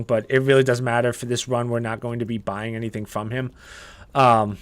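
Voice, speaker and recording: A young man with a mid-range voice, a gaming guide creator, gives a casual walkthrough of gameplay. He's relaxed and chatty, often saying "uh" and "um" while explaining each step.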